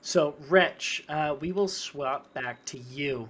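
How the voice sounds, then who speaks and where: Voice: medium pitch, slow, fairly bright tone. A game master narrating a tabletop fantasy game in a casual, rambling way.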